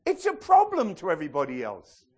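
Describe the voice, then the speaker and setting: Animated man preaching. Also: sits high, fairly quick. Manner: animated storytelling, bursts into excited shouted impressions. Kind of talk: sermon.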